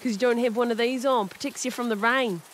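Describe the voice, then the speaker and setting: A woman's voice: fairly high pitch, fairly even intonation, fast talker, slight background noise, close to an everyday voice. A woman voicing a brash young Australian woman in a ski mask, who rambles and calls people mate. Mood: chummy.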